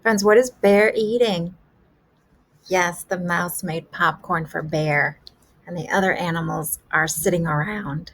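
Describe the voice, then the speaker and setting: A kindergarten teacher, a woman, talks young children through a story with gentle, encouraging questions. Her voice is slightly husky, and she speaks slowly and patiently. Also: lowish voice, fairly even intonation. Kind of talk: remote lesson for young children.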